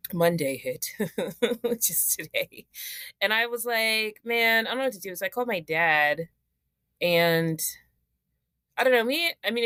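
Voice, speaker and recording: A young woman co-hosting a podcast, telling animated stories with frequent laughter and swearing. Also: a little high, no echo. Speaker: podcast co-host. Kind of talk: casual chat.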